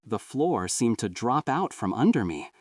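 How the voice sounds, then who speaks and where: A man reading a scripted horror story in a dramatic, expressive way, heard through a dry, distant-sounding mic. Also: medium pitch, measured pace, dry recording. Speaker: narrator.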